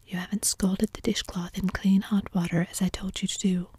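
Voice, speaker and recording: A woman voicing a stern, disapproving older spinster in a breathy whispered role-play. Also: medium pitch, flat delivery, normal speed, warm tone, a little hiss or hum, lightly acted. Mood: curt. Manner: curt, disapproving.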